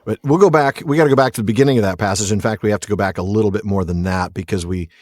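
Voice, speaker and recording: A man co-hosting a podcast in casual chat, jokey and quick to laugh. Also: lowish voice, darkish tone, no echo. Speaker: podcast co-host.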